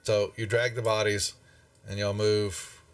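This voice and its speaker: A man's voice: fairly low pitch, flat delivery, a little slow, recorded from a distance. A man, narrating a tabletop game as game master in a casual, rambling way. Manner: casual and rambling, with many fillers.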